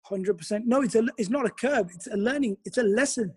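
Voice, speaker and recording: High, husky-voiced man. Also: a little fast, dry recording, studio quality. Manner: emphatic, gives advice. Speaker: guest, businessman. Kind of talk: casual chat.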